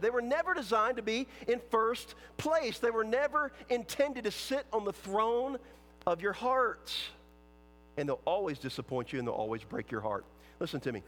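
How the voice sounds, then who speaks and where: A man preaching a sermon as pastor, telling a scripture story in a playful, animated way and acting out the quotes. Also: sits high. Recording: long hall reverb.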